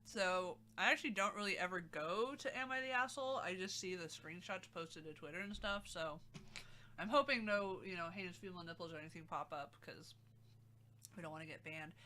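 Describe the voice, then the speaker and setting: Bright-voiced woman streamer, sarcastic and rambling. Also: on the low side, a little fast. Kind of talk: casual live-stream chat.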